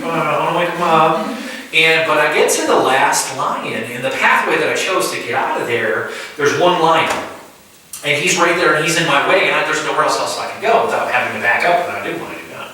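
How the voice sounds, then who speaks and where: A man preaching at a house church, telling a dream story in vivid first person with halting restarts. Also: on the high side, sharp tone, a little hiss or hum. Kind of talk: conversational sermon storytelling. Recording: echoey room, distant mic.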